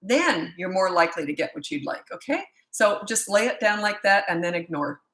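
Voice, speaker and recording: A woman's voice: fairly low pitch, animated, moderate pace, fairly bright tone, reverberant. Blunt woman in her sixties from Canada. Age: 60s. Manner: blunt, firm and opinionated, with rambling asides. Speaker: parenting coach. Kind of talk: live Q&A answering viewer questions.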